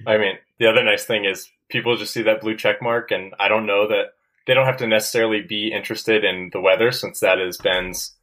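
A young male co-host chats on a podcast and tells stories about his old roommate with a playful, teasing edge. His voice sits on the low side. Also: fairly even intonation, fairly quick, fairly bright tone, low-quality recording. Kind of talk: casual podcast chat.

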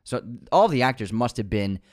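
A man's voice: mid-range voice, very animated, normal speed, dry recording, studio quality. A young man co-hosting a casual film podcast, gushing with enthusiasm and laughing often. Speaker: podcast co-host.

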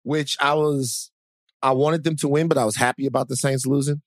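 Speaking as a podcast co-host, a man meanders through casual talk full of fillers and restarts. His mid-range voice keeps a steady tone at a moderate pace, in a dry, studio-quality recording.

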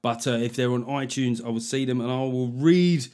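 A man's voice: mid-range voice, moderate pace, darkish tone. A middle-aged man hosting a podcast, chatting casually and making puns. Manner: jokey, punning, conversational. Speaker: podcast host. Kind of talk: casual comedic chat.

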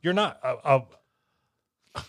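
Teasing, profane man, lively pitch. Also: slow, no echo, clean studio sound. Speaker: podcast co-host. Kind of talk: casual crude banter.

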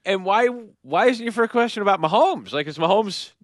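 A man's voice: sits high, lively intonation, a little fast, no echo, studio quality. A man in his thirties co-hosting a podcast, telling stories with frequent laughs in a casual chat. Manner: storytelling, laughing often. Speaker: podcast co-host.

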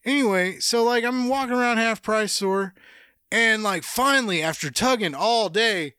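A man's voice: sits high, moderate pace, pushed and bright, smooth, dry recording, studio quality. A young man hosting his own podcast, telling rambling, profane, jokey stories in casual chat. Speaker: podcast host.

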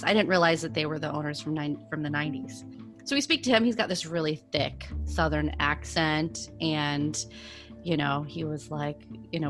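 A woman's voice: low voice, fairly bright tone. A woman co-hosting a casual chat, recounting a road trip with many "like" fillers. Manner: rambling, frequent "like" fillers. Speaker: podcast co-host.

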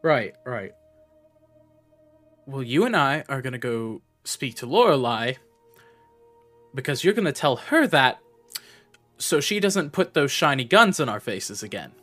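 A man playing his character in a tabletop game, speaking in a measured, reasoning way. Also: mid-range voice, big pitch swings, a bit bright, faint music behind. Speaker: player. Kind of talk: in-character tabletop role-play.

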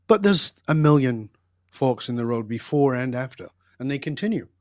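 A man's voice: mid-range voice, animated, moderate pace, a little mellow, dry recording, clean studio sound. An older man, a podcast guest, telling stories from his life in an emphatic, intense and blunt way. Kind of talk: reflective storytelling in an interview.

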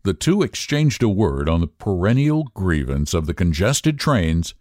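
A man narrating a classic novel as an audiobook reader, in a measured, expressive way. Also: low voice, no echo, clean studio sound.

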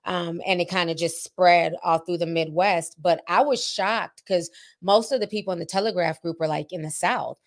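A woman's voice: on the low side, fairly even intonation, normal speed. A woman from Minnesota chatting casually and explaining things at length in an informative way. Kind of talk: casual chat.

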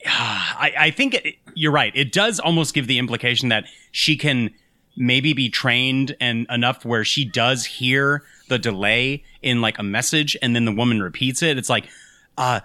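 Bright-voiced man in dry close audio. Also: mid-range voice, normal speed, dry recording. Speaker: podcast co-host. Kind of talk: casual film discussion.

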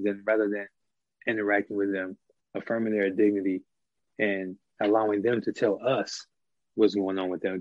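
A man's voice: lowish voice, no echo, muffled recording. A middle-aged man talking through ideas in a casual conversation, with many fillers and restarts. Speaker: podcast guest.

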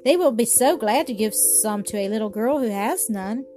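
A woman's voice: a little high, animated, moderate pace, dark tone, natural voice. A woman voicing an eager, cheerful little girl in a storybook reading, with a pleading, hopeful way of talking. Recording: music playing behind.

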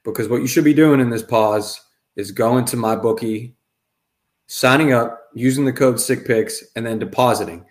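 A man's voice: mid-range voice, moderate pace. A man co-hosting a casual sports podcast and rattling off confident betting picks. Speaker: podcast co-host.

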